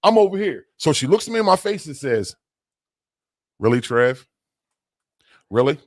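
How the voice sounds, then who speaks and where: Slangy, animated man telling a story. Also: brisk, no room sound, clean studio sound. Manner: slangy, animated, rises high when excited. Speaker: livestream host. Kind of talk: casual storytelling on a livestream.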